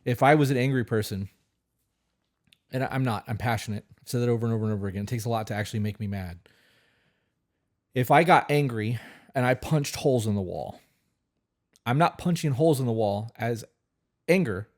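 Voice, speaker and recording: Guy cohosting a relationship podcast, blunt and sweary, stumbles over words, average pitch. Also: quick pace, long pauses. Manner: blunt, profane, restarts words often. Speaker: podcast co-host. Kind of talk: casual relationship chat.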